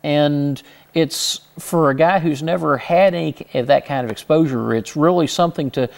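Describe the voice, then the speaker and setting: Telling stories as a guest in a relaxed interview, this Houston, Texas man with a faint Southern twang keeps restarting himself and laughing softly along the way. His voice is fairly high with vocal fry, at normal speed.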